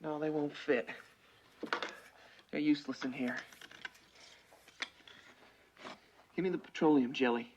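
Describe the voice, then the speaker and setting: A man's voice: on the high side, steady tone, normal speed, a little mellow, a little hiss or hum, close to an everyday voice. An actor playing a male rescuer stuck in a narrow shaft, soothing and strained, with tears in his voice. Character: adult male rescuer squeezed in a narrow shaft, tender and desperate.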